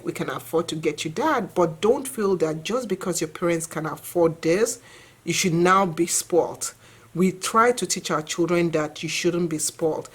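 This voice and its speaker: Vlogger, woman in her 40s, lower register, reflective storyteller. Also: breathy edge. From Nigeria. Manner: reflective, earnest, conversational with fillers. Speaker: vlogger and mother. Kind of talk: personal storytelling to camera.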